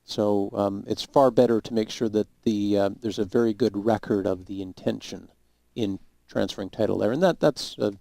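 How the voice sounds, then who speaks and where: A man, a lawyer guest, giving measured, emphatic legal advice on a talk show. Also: fairly low pitch, creaky, warm tone, dry recording. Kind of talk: explaining law on a talk show.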